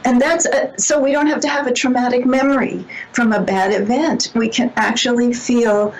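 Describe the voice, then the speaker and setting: A woman's voice: on the high side, steady tone, moderate pace, low-quality recording. A woman guest on a radio interview, telling stories earnestly and often restarting her sentences. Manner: earnest storytelling with frequent restarts. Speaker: author and guest.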